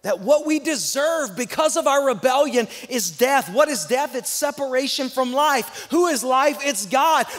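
A man preaching a sermon as a guest pastor, with emphatic repeated refrains and sudden loud peaks. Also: very high-pitched. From Texas. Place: church auditorium. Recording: long reverb of a church hall.

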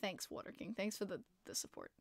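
A woman hosting a hockey podcast, chatting casually with viewers, excitable, swearing freely and laughing often. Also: mid-range voice, brisk, gravelly, no echo. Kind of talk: casual live-stream chat reading viewer comments. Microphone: plugged-in desk microphone.

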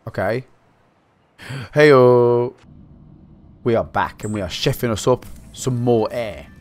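Excitable, swearing British man gaming. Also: lowish voice, normal speed. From Britain. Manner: excitable, swears a lot, talks to himself. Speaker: gaming channel host. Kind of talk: let's play commentary.

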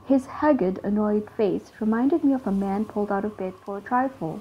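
A woman narrating a first-person audiobook story in a wry, lively way. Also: medium pitch, normal speed, breathy edge. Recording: dull lo-fi with loud noise.

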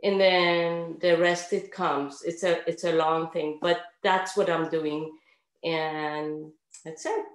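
A woman's voice: low voice, level tone, slow pace, reverberant. A woman with a non-native English accent, a yoga teacher for young children, talking earnestly and expressively on a video call panel.

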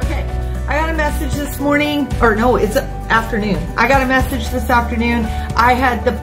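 A woman in her fifties, a grandmother, preaching an informal online sermon in a chatty, emotional way with lively asides. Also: high-pitched, a little fast, over music, low-quality recording. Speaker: ministry speaker. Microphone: phone or webcam, online broadcast.

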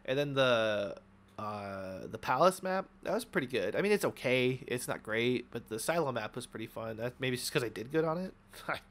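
A young man giving casual, excitable commentary over his own gameplay, swearing often and trash-talking opponents. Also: mid-range voice, normal speed. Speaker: gaming YouTuber.

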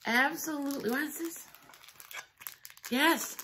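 Middle-aged woman, chatty home vlogger, bright higher voice, gushing and warmly emotional. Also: unhurried, a little hiss or hum. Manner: chatty, gushing and easily moved, with many fillers. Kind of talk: casual chat.

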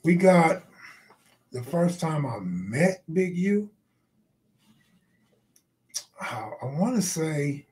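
A man's voice: fairly high pitch, dark tone. A middle-aged man hosting a live stream, telling rambling, profane stories in casual slang and stopping to answer viewer comments. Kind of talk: casual freestyle storytelling.

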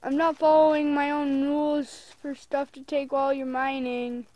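A woman hosting a gaming video from a bed at home, rambling in casual let's play commentary and quick to get annoyed. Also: high-pitched, little pitch movement, darkish tone.

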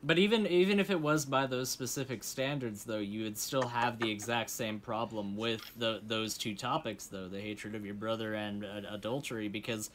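A man's voice: lowish voice, moderate pace, hardly any pauses, a bit bright, a little hiss or hum. A man from Canada joining a casual panel debate, friendly and teasing in manner.

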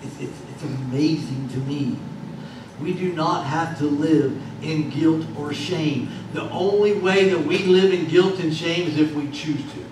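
A man's voice: a little high, a little slow. A man preaching a sermon as pastor, in a folksy, repetitive preaching cadence. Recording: very echoey hall, distant mic, faint noise.

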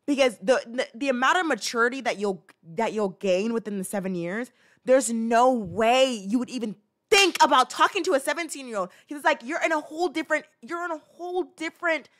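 A woman's voice: high-pitched, brisk. A woman in her twenties hosting a podcast, talking casually and ranting with lots of restarts. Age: 20s. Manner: animated, ranting, many restarts. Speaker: podcast host. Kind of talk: casual commentary rant.

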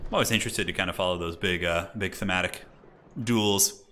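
A man giving casual, excitable live commentary on a strategy game tournament, chatting with his stream viewers as he goes. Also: low voice, fairly quick. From United States. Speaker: tournament caster.

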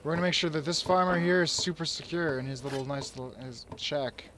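A young man talks over his strategy game with a high-pitched, lively voice. He swings from loud, excited orders and playful royal speeches to quiet muttering to himself. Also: brisk, a crowd in the background. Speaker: gamer. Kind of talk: let's play commentary.

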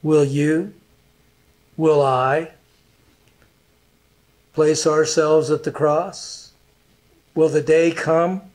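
A middle-aged man preaching a sermon as a pastor, earnest and emotional, with long pauses. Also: a little high, steady tone, a little mellow.

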